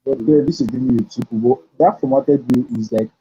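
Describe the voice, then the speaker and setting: Halting man teaching code, dark muffled voice. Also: mid-range voice, slight background noise. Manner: halting, thinks aloud while typing. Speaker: programming tutor. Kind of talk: live-streamed coding lesson. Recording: dull lo-fi stream audio.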